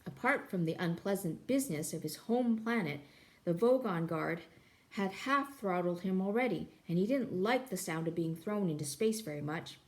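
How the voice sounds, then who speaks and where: A woman reading a novel aloud in an expressive, playful way. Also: fairly low pitch, normal speed. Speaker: reader.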